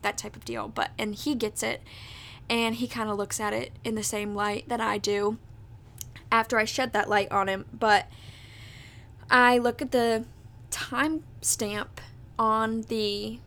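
Chatty young woman podcaster, higher voice. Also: a bit bright, slight background noise. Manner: chatty, leans on fillers like "like" and "that type of deal". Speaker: podcast host. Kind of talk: casual storytelling monologue.

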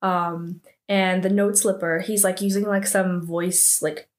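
A woman's voice: lowish voice, level tone, a little slow. A woman talking through a drama episode for her viewers in a chatty, casual way. She leans on many fillers and reacts to the story as she goes. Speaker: drama recap vlogger. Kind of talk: casual spoken recap.

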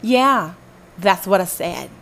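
A woman's voice: on the low side, very animated, slow, vocal fry, a bit bright. A woman from the States, telling her own story in an angry, profane monologue and often speaking straight to her listeners. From Southern United States. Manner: profane, confrontational, addresses listeners directly.

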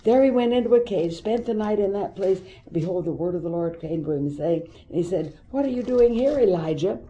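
Very dark-voiced Bible teacher. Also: mid-range voice, steady tone, brisk, dull audio. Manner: reads scripture aloud with emphatic asides.

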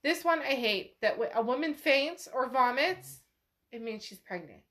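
A woman's voice: sits high, expressive, normal speed, fairly bright tone. A woman hosting a podcast, retelling a novel in a casual, chatty way, full of "like" and swearing. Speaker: podcast host. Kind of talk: casual book recap chat.

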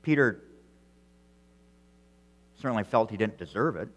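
A male pastor preaching an earnest sermon, repeating words as he goes and swinging between loud emphasis and quiet, soft phrases. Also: fairly low pitch, animated, a little slow, long reverb tail. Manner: earnest preaching with frequent restarts and strong swings in loudness.

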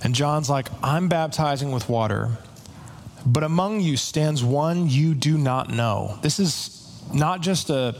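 A man with a slightly higher voice delivering a relaxed, conversational sermon. He retells the scripture story in casual slang, slipping in quick asides as if chatting with friends. Faint room ambience sits behind him. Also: a little hiss or hum. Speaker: preacher.

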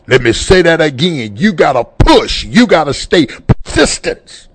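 A man's voice: on the high side, sing-song, measured pace, few pauses, background noise. A man hosting a radio talk show, speaking in a fervent preaching style and repeating phrases for emphasis.

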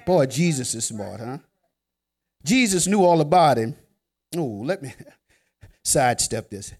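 A man preaching a sermon in a joking, conversational way, swinging from loud emphasis to hushed asides. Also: medium pitch.

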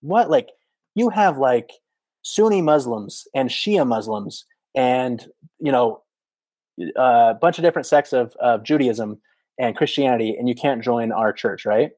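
A man's voice: mid-range voice, a little slow, no room sound, rough recording. A man in his thirties telling a story as a podcast guest, full of "like" fillers and acted-out quotes. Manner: animated storyteller, many "like" fillers, acts out quotes. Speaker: podcast guest, former missionary. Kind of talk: casual storytelling.

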